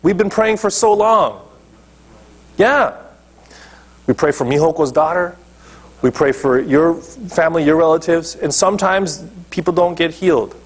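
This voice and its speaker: A man's voice: on the high side, measured pace, pauses often. A male pastor preaching a sermon emphatically, often checking in with his listeners. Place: church.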